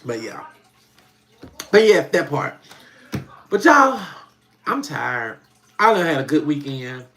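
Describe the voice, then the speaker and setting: A man who makes comedy skits, chatting casually on a livestream as an animated, laughing storyteller who swears freely. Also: a little high, slow pace, pauses often. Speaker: comedy skit creator hosting a livestream.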